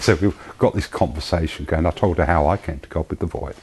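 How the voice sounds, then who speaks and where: A man sharing a personal testimony in a slow, emotional storytelling manner. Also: low voice, darkish tone, slightly rough, poor audio. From United Kingdom. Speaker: charity founder giving testimony.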